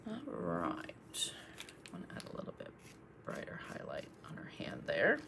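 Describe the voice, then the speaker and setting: Low-voiced woman teaching painting. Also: wildly swooping pitch, moderate pace, creaky, noisy background. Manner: chatty, thinks aloud while painting; reads out and thanks viewers' comments. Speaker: art instructor. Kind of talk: live painting tutorial.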